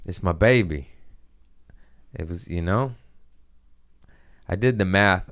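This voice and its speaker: Man, podcast host, very deep voice, smooth and resonant, casual profane joking. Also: unhurried, long pauses, no echo, studio quality. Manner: loose, profane, jokey storytelling. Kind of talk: casual chat.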